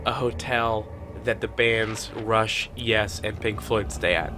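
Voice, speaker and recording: A man's voice: on the low side, steady tone, takes it slowly, background noise. A man co-hosting a let's play, riffing and cracking jokes about the game with his friend. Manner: wisecracking, builds on running gags. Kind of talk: casual gameplay commentary.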